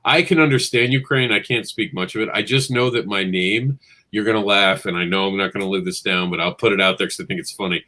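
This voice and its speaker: A man's voice: lowish voice, fast, sharp tone. A middle-aged man from Queens, New York, a comics guest telling friendly, self-deprecating stories in a casual chat. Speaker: guest comics writer and publisher.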